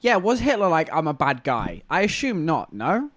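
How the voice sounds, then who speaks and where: Chatty English streamer, rambling. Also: male voice, a little high, moderate pace, dry recording. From England. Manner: rambling, animated, chatting to viewers. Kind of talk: casual live-stream chat.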